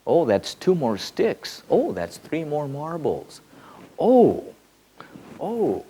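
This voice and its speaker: A man giving a spiritual teaching in a loose, repeating way, swinging between soft musing and sudden excited bursts. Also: on the high side, takes it slowly, slightly rough. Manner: repeats words and restarts often. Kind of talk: spoken teaching to a group.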